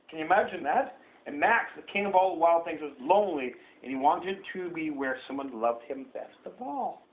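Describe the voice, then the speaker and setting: A man's voice: fairly high pitch, normal speed. A man reading a picture book aloud to his young son at home, playful and coaxing, breaking off to point at pages and roar. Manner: animated, coaxing, playful roaring. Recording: tinny phone-like home video sound.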